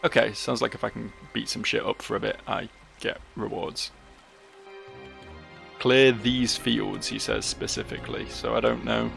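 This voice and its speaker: A man's voice: lowish voice, sing-song, a little fast, creaky, fairly bright tone, faint music behind. A man giving casual, rambling, self-mocking commentary as host of a let's play video.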